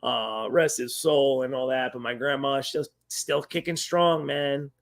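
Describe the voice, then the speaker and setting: Animated, profane male livestream host. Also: medium pitch, unhurried, vocal fry. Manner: animated, profane, lots of quoted dialogue. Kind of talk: casual storytelling chat.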